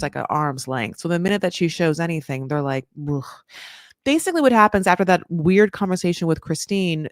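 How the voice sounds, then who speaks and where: Female host, gravelly, dry close sound, opinionated casual chat. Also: fairly low pitch, no echo. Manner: chatty and opinionated, many "like" fillers. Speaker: podcast host recapping a reality show.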